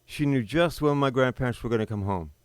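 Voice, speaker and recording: A middle-aged man speaks in a plain, mid-pitched voice, recorded close and dry with no room sound. He tells his own story bluntly and with open bitterness. He pauses suddenly for emphasis. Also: clear, resonant tone, dry recording. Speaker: podcast host. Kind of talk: personal storytelling monologue.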